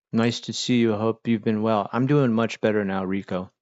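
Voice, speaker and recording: A man from Pennsylvania hosts a casual livestream, talking while he eats. He rambles and drifts off topic, with a lowish voice. His audio is dry and slightly muffled. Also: fairly even intonation, moderate pace, darkish tone, no room sound. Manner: rambling, chatty, talks while eating. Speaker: livestream host.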